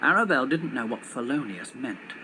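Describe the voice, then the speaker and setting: A man reading a children's story aloud on television in an animated, expressive way. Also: medium pitch, brisk, noisy background.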